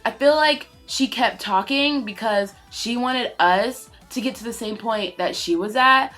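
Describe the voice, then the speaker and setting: A young woman talks through a storytime vlog in a loose, casual way. She is animated, slips into the voices of the people she quotes, and swears freely. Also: on the high side, unhurried, soft background music. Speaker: vlogger.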